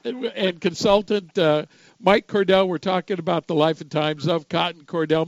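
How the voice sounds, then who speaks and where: A man's voice: high-pitched, steady tone, moderate pace, no echo, muffled recording. A man hosting a talk radio show, announcing breaks and guests in an upbeat manner.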